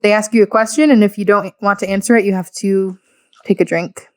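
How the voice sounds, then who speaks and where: A woman's voice: medium pitch, fairly even intonation, a little fast. A young woman co-hosting a podcast, giggly and playful in casual chat. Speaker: podcast co-host.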